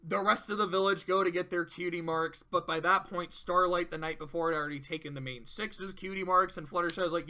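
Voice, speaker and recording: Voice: mid-range voice, brisk, few pauses. A cartoon reviewer in casual commentary, rambling and swearing freely while retelling an episode. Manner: profane, rambling, animated.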